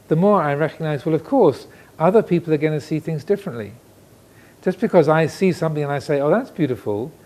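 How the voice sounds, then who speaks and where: A man, a Buddhist monk, giving a dharma talk indoors, reflective and pausing, asking questions as he goes. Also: a little high, mellow. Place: indoor room with air conditioner. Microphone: filmed by cameras.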